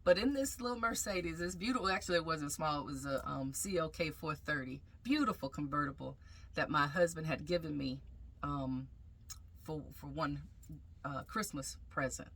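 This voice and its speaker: A woman with a bright, clear voice that sits slightly low, telling a deeply personal story. She speaks reflectively and haltingly, stopping often to gather her thoughts. Her tone is intimate and earnest, like a vlog confession. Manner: reflective, halting, with frequent pauses and fillers. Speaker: vlogger sharing a personal testimony.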